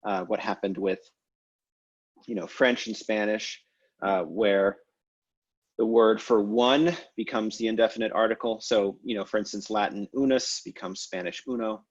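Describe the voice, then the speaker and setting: A man teaching a language class over a video call, explaining grammar in a relaxed way with many fillers and restarts. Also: fairly low pitch, moderate pace, husky, lo-fi sound. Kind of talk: online class lecture.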